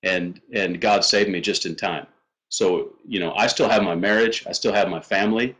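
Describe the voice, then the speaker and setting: A middle-aged man sits as a guest and tells a long personal story in a fairly low voice. He talks earnestly, with plenty of fillers and false starts. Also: fairly even intonation, a bit bright, rough recording. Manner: earnest, halting, with many fillers and restarts.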